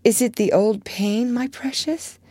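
A woman reading aloud, voicing a spirited, blunt young woman who scolds briskly and comforts softly. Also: a little high, breathy edge, no echo, pitched above the performer's own voice. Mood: tender.

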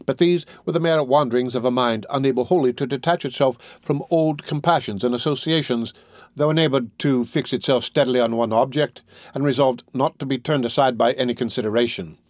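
A man narrating a classic novel in a measured, steady reading. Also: mid-range voice, no echo. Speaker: audiobook narrator.

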